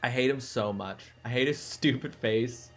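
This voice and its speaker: A young adult man streaming a video game, chatting casually and excitably with his chat. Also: medium pitch, normal speed, faint music behind.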